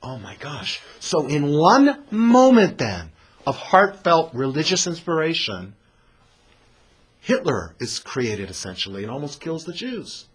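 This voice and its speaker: A male teacher gives an animated scripture lesson with a husky voice. His pitch moves widely, and he swings between loud emphasis and hushed delivery. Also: measured pace.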